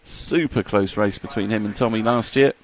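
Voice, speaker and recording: A man's voice: on the low side, normal speed, a little hiss or hum. A man commentating a live model car race, chatty and jokey, reading out lap times.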